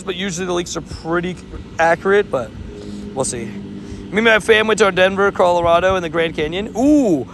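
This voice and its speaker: High-voiced man streaming outdoors in wind. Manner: chatty, upbeat, reads viewer questions aloud. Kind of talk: live-stream chat reading comments. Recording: outdoor wind noise on mic.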